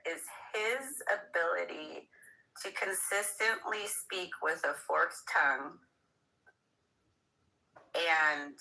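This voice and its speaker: A woman from Hawaii, slightly hoarse, talking casually as a guest and musing with many fillers. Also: on the low side, pushed and bright, rough recording. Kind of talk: casual conversation.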